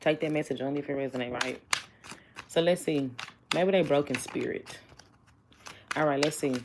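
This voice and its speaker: A woman's voice: low-pitched, noisy background. A chatty woman doing a casual tarot reading, blunt and joking with her viewers. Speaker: tarot reader.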